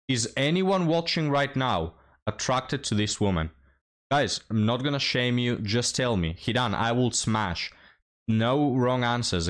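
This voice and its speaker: A man hosting a reaction commentary, blunt and mocking as he talks to his viewers. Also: medium pitch. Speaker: commentary host.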